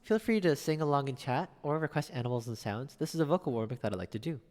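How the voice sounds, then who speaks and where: A man's voice: mid-range voice, animated, quick pace, a little mellow, long reverb tail. A man streaming at the piano, chatting casually and reading viewers' messages aloud. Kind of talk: casual chat.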